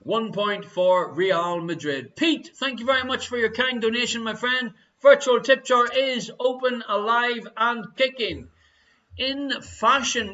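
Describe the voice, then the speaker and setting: An Irish man runs a live-streamed quiz in a high, bright voice and ribs his viewers between answers. The stream audio is dull and lo-fi, with little clarity up top. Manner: jokey, teasing banter with viewers. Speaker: quiz show host.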